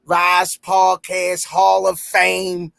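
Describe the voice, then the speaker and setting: Gravelly high-voiced man hosting a podcast. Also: monotone, extremely slow, dry recording. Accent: Baltimore. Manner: loud, playful, bursts into high shouts when joking. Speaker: podcast host. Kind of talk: casual podcast chat and sponsor reads.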